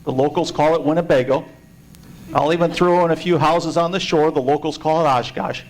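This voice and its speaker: Gravelly Midwestern man, sarcastic speech. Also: a little high, fairly even intonation, a little fast, rough recording. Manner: sarcastic, joking, indignant. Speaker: party member giving a presentation. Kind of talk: informal speech to a meeting.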